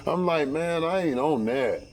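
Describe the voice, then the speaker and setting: A man telling a personal story in casual, profane speech, acting out quotes loudly and often repeating and restarting his words. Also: on the high side, a little slow.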